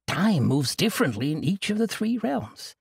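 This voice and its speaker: A man's voice: on the high side, very animated, normal speed, vocal fry, slightly rough, dry recording, clean studio sound, voice pushed up, full character voice. A man voicing an eccentric, mischievous ancient male monk who talks in a playful, grandiose way. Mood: whimsical.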